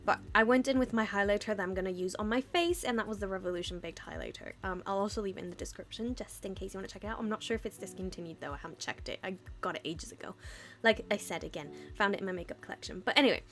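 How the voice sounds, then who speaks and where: A woman's voice: mid-range voice, fast talker, fairly bright tone. A young woman narrating a makeup tutorial in a chatty, rambling way, often laughing at her own slips. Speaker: beauty vlogger. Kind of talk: casual makeup tutorial voice-over.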